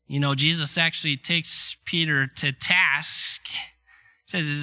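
A man's voice: a little high, fairly even intonation, unhurried, bright, forceful tone. A middle-aged man preaching a sermon in a conversational, emphatic way, acting out the quotes he tells. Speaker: pastor.

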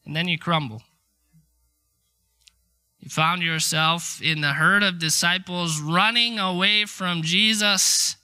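A man's voice: fairly high pitch, sharp tone, clear, resonant tone. A middle-aged man preaching a sermon in a conversational, emphatic way, acting out the quotes he tells. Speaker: pastor.

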